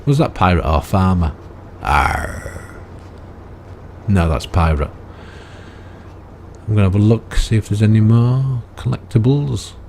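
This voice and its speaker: A man's voice: lowish voice, normal speed, warm tone, slight background noise. A man giving rambling, chatty gameplay commentary, often ending remarks with tag questions. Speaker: gaming video creator.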